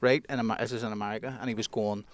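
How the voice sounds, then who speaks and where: A man's voice: on the low side, fairly even intonation, rapid-fire, a little hiss or hum. A young man, telling stories in casual podcast chat, swearing and laughing as he goes. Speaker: podcast co-host.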